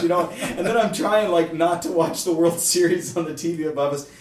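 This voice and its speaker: A guest from Kansas City, USA, tells a story in a casual interview, speaking fast at a fairly high pitch with few pauses. He is an animated storyteller who acts out the voices he quotes. The distant mic picks up an echoey, roomy space with faint room noise.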